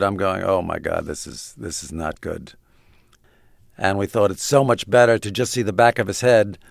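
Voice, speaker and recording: Gravelly-voiced man telling stories. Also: medium pitch, no echo, clean studio sound. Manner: halting storyteller, laughs between lines. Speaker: guest, comedy writer and actor. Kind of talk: anecdotal interview chat.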